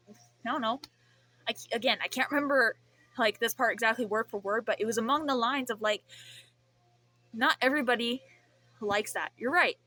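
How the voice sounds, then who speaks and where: Bright-voiced young woman venting. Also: fairly high pitch, moderate pace, pauses often. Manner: swearing, rambling, intense. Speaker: vlogger. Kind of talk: emotional vent.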